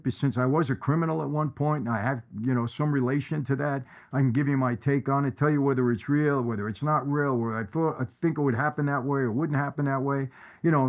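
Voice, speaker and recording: A man hosting his own channel, chatting casually about favorite movie lines in a rambling way, repeating phrases for emphasis. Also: on the high side. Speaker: channel host. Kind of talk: casual movie commentary to viewers.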